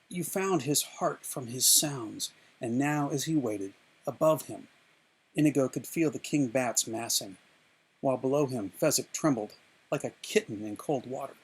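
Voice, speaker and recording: A man reading a novel aloud at home in an expressive, measured storytelling manner. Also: mid-range voice, husky. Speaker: reader of a novel. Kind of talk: dramatic book reading.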